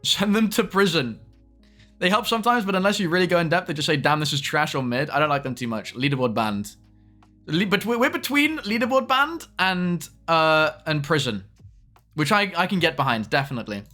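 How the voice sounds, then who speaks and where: A young man streams live and chats casually, tossing quick asides to his viewers. His voice sits a little high and sounds bright and forward. Faint music plays behind him. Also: big pitch swings. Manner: chatty, quick asides to chat.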